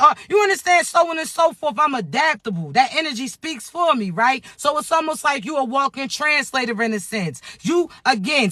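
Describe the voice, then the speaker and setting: Loud high-voiced man preaching casually. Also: no echo. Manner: loud, preachy, streetwise, frequent cursing. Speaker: spiritual vlogger. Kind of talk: casual spiritual talk to camera.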